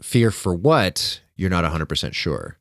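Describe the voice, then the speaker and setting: Man game master, very low voice, easygoing narration, calls for rolls. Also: a little slow, vocal fry, no room sound, clean studio sound. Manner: relaxed, filler-heavy narration with asides. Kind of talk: narrating a tabletop horror game.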